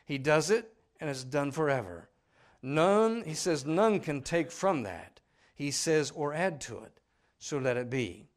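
Preaching a sermon, this man is emphatic and keeps putting questions to his listeners, swinging from loud declarations to hushed asides. His voice is a little high and sing-song, and he takes his time.

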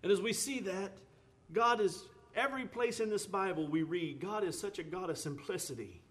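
A man's voice: sits high, moderate pace, fairly bright tone. A man preaching a sermon, earnest, with rising emphatic bursts, often repeating words and restarting phrases.

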